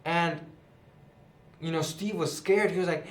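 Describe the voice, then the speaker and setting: Seated indoors, a young adult man who teaches youth Bible classes and hosts a channel retells a parable to camera in a casual, chatty way, sprinkling in fillers like "you know" and "right." His voice is fairly high with fairly even intonation at a measured pace, and the room gives a noticeable echo.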